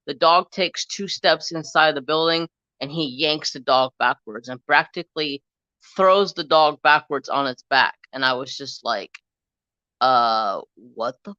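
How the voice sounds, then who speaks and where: A man's voice: on the high side, moderate pace, bright, forceful tone, no echo, lo-fi sound. A man hosting a casual crafting live stream, rambling through a story and getting heated as he retells an argument.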